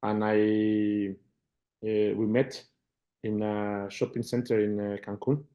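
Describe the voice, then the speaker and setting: Speaking halting English with a Mexican Spanish accent, this middle-aged football manager fields interview questions in a fairly low voice over lo-fi sound. He tends to repeat words and gets lively recounting conversations.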